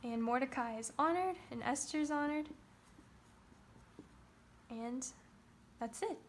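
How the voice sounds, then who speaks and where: A woman's voice: high voice, slow pace, a little hiss or hum. A woman teaching Sunday school, retelling a story in a chatty, casual way with playful asides.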